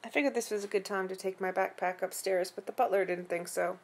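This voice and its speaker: A woman reads a children's chapter book aloud at a middling pitch. She tells the story in an easy, expressive, conversational way. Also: fast. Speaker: reader. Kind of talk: reading a children's novel aloud.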